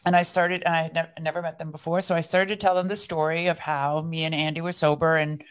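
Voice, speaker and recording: Low-voiced woman sharing faith reflections. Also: flat delivery, fast. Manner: earnest, reflective storytelling. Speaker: podcast co-host. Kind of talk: casual faith conversation.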